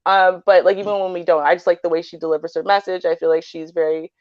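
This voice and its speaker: A woman's voice: fairly low pitch, fast, clear, resonant tone, dry recording, dull audio. A woman with a Canadian accent, a panelist in a casual chat, telling stories animatedly and often asking "right?". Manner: animated storytelling with frequent "right?".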